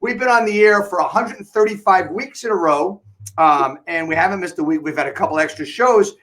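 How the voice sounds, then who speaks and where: Rambling higher-voiced male host. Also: a little fast, a bit bright. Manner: rambling, restarts questions often. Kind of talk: casual interview chat.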